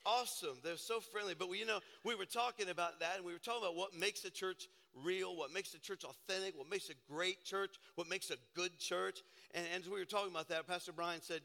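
A man preaching a sermon as pastor, hoarse from shouting, chatty at times and then building to emphatic preaching. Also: high voice, brisk, hardly any pauses, big-room sound.

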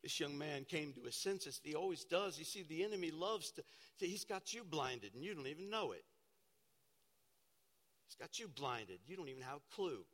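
A man, a pastor, preaching a sermon with dramatic storytelling that swings from loud to hushed. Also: fairly high pitch, lively intonation, normal speed. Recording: long hall reverb.

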